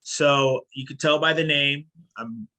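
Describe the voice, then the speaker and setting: A middle-aged man from Haiti and New York, speaking as a podcast guest in a thoughtful, measured way. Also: a little high, steady tone, bright, forceful tone. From born in Haiti, raised in New York. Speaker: podcast guest, company CEO. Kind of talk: casual podcast interview.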